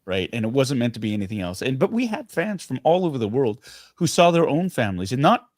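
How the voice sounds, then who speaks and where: Earnest, animated middle-aged Canadian man. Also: medium pitch, fast, dry recording. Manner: earnest and animated, frequent restarts. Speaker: guest actor. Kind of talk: casual interview chat.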